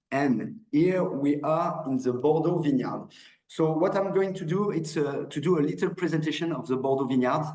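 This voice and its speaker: French-accented male wine merchant, mid-pitched, halting delivery, echoey room on a video call. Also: dark tone. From France. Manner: hesitant, many restarts and fillers. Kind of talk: online wine presentation.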